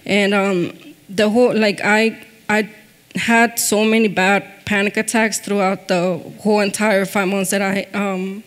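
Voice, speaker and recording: A woman's voice: mid-range voice, level tone, measured pace. A woman giving a personal testimony on a church stage, telling her story in a hesitant, emotional way. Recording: reverberant church hall.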